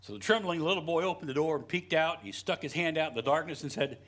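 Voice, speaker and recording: With a quick pace and a slightly bright, fairly high male voice, this middle-aged pastor from West Virginia delivers his sermon as folksy, joking storytelling, often saying "you know."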